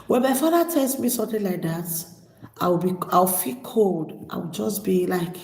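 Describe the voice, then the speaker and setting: A Nigerian woman vlogger telling her personal story, emotional and halting, holding back tears. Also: on the low side, animated, gravelly, a little mellow. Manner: emotional, halting, many restarts. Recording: echoey hall with long reverb.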